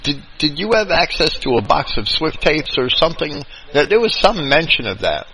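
Bright-voiced New York man hosting radio. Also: a little high, big pitch swings, slight background noise, low-quality recording. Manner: halting, repeats words. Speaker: radio host. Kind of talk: call-in radio chat.

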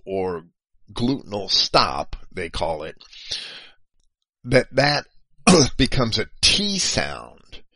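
A man talks through a long explanatory monologue with a lower voice and a bright edge, his pitch rising and falling a lot. He goes slowly, stumbling and circling back to fix his words, and spells terms out letter by letter. The sound is dry, with no room around it. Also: no echo, poor audio. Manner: halting, with frequent restarts and self-corrections. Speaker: video host.

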